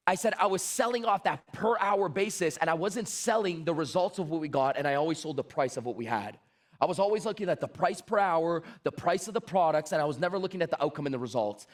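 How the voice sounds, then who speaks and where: A man giving a motivational sales talk, telling a story and acting out both sides of the conversations, repeating his key points with emphasis. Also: high voice. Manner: animated, acts out both sides of dialogues. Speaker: sales speaker.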